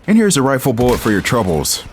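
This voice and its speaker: A man's voice: medium pitch, wildly swooping pitch, fast talker, soft background music. A young man giving wry, laid-back commentary while playing a game, talking straight to his viewers. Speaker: gaming channel host. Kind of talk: casual let's-play commentary.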